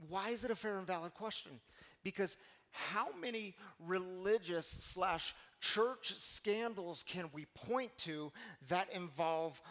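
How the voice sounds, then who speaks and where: A man's voice: high-pitched, a bit bright. A middle-aged man preaching a sermon as a pastor, telling stories and speaking directly to his congregation. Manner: storytelling, addresses the congregation directly.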